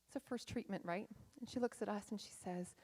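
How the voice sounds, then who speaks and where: A woman's voice: medium pitch, brisk, dark tone. A middle-aged woman, a life coach, giving a candid and dramatic personal storytelling talk on stage.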